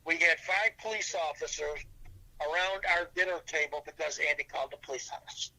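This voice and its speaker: A man's voice: fairly high pitch, a little fast, bright, forceful tone, poor audio. An older man, a podcast guest, telling long rambling stories in casual chat, with restarts and fillers.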